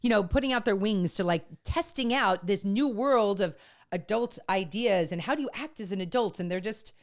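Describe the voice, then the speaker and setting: A woman in her forties co-hosting a podcast, chatting casually and telling stories, acting out the quotes. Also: normal speed. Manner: animated storyteller, acts out quotes with big pitch jumps. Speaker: podcast co-host. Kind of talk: casual chat.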